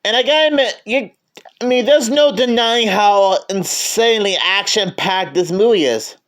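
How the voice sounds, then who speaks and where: A man's voice: sits high, normal speed, fairly bright tone. A man giving a casual movie review, stammering and often restarting his sentences.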